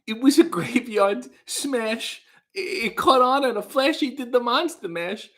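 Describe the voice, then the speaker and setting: A man's voice: very high-pitched, expressive, measured pace, a bit bright, pitched above the performer's own voice, heavily acted. A man putting on a spooky, crooning mad scientist voice, half singing novelty horror lyrics.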